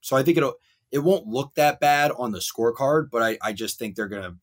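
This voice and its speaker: Animated ranting man talking college football. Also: mid-range voice. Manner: animated, hyperbolic, rapid rants. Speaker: sports podcast co-host. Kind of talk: casual sports betting chat.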